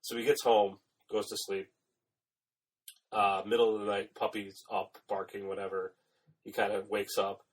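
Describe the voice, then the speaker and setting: Husky, swearing podcast guy recapping a movie. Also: fairly low pitch, little pitch movement, normal speed, distant mic, poor audio. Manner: swearing, laughs often, acts out quotes. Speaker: podcast co-host. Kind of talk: casual chat retelling a film plot.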